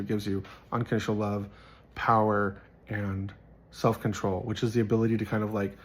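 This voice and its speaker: A man's voice: on the low side, vocal fry, slightly rough. A man giving a casual Bible teaching, earnest and rambling, telling personal stories and repeating phrases for emphasis.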